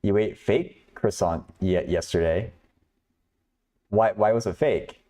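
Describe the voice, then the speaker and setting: Man, low voice, mellow tone, casual math stream host, thinking out loud, chatty with chat. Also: slow pace. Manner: thinking aloud, chatting with viewers, laughs often. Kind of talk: casual livestream problem-solving.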